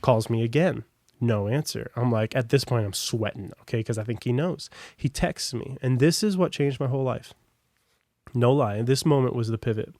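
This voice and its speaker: Young American guy, mid-pitched, guest telling a personal story off the cuff, full of asides, dry close sound. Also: moderate pace, darkish tone, no echo. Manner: rambling, many fillers and asides. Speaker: podcast guest.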